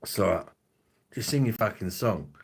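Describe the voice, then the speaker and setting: A man with a low, deep voice hosting a loose livestream, chatting straight to his viewers. He swears freely, jokes crudely and greets people from the chat by name. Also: lively intonation, a little slow, creaky, breathy edge. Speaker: livestream host.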